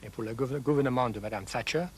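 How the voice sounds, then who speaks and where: A man, speaking hesitantly with pauses and restarts. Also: mid-range voice, a little hiss or hum. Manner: hesitant, halting. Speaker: interviewee.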